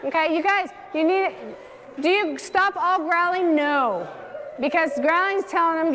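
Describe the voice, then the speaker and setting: A woman's voice: very high-pitched, moderate pace, fairly bright tone, some chatter behind, slight background noise. A woman dog trainer leading a hands-on class, giving direct instructions and coaxing the dogs in a sing-song. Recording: long hall reverb.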